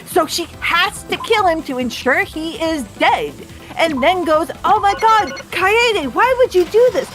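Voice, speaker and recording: Woman, high voice, emphatic profane rant, tipsy, casual chat. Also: fairly bright tone. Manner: emphatic, profane, rants with mocking put-on quotes. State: tipsy from drinking. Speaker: podcast co-host. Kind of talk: casual chat about a video game.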